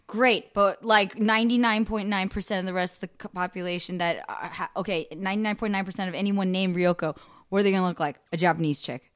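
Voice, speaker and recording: A woman's voice: medium pitch, a bit bright. A young adult woman co-hosting a podcast, talking casually with strong, emphatic opinions. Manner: opinionated, emphatic, quick asides. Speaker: podcast co-host. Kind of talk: casual chat.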